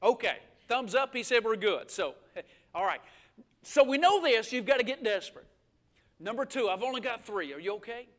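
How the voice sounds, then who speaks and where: Preacher, middle-aged man, very high bright voice, emphatic storytelling sermon style. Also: lively intonation, normal speed. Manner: storytelling, emphatic, call-and-response. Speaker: guest preacher. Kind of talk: live sermon. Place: church sanctuary.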